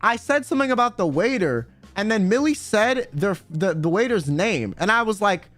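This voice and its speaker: High-voiced young man telling stories. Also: normal speed, soft background music. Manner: animated, laughing, swears a lot, says bro. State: sore throat. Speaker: streamer. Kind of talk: casual storytelling chat.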